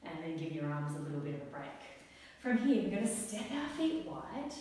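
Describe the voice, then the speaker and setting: A young adult woman teaching a guided yoga class for children, giving gentle, encouraging step-by-step cues. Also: sits low, very animated, a little fast. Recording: echoey hall, voice from far off.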